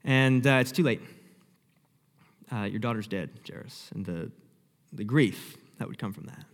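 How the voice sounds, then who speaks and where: A young man preaching a sermon, telling the story vividly and acting out the scenes, dropping from loud to hushed. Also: medium pitch, measured pace. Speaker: pastor. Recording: long hall reverb.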